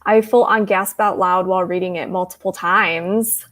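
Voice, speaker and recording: A young woman hosts a casual livestream, reading the live chat in a giggly, rambling way and saying "like" constantly. Her voice is fairly low and fairly bright, with a moderate pace and fairly even intonation.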